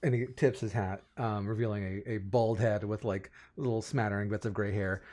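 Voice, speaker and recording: Low-voiced man narrating a tabletop game. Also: steady tone, darkish tone. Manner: halting, many fillers and restarts. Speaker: game master.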